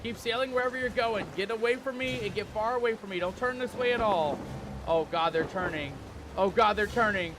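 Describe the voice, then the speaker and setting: A man streaming a pirate game, commenting live in an excitable, panicky way and peppering his talk with pirate slang. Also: sits high, a little fast, music in the background. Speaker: gaming streamer. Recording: game sounds and ocean noise behind. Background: ship and water game audio.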